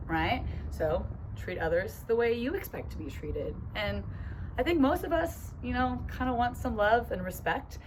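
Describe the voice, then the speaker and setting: Bubbly young teacher reading aloud. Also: female voice, mid-range voice, expressive, moderate pace, background noise. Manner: bubbly and chatty, lots of "right?" asides and giggles. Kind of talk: reading a picture book aloud to children. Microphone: phone.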